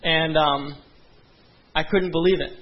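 A man's voice: fairly high pitch, fairly even intonation, measured pace, breathy edge. A young man preaching a sermon as a pastor, earnest and conversational, with frequent asides to the congregation. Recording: dull lo-fi sound.

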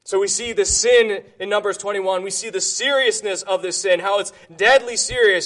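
A man's voice: high-pitched, moderate pace, few pauses, a bit bright. A man preaching an impassioned evangelistic sermon, emphatic and reading scripture in old-fashioned wording.

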